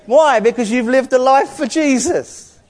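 A man's voice: very high voice, unhurried, darkish tone. A man preaching a sermon in an earnest, conversational way, with asides to the congregation.

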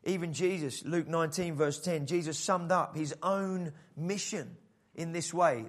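A man preaching a sermon in an animated style, acting out the voices in the story. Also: a little high, a little slow, hardly any pauses. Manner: animated preaching, acts out the father's voice. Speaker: pastor.

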